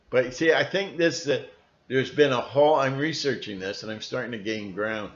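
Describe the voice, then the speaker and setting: A man's voice: lowish voice, fairly bright tone. A man hosting his own channel in a casual, rambling monologue, chuckling and stopping to rephrase himself. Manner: rambling, chuckling, frequent fillers and restarts. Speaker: channel host. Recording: dull lo-fi recording.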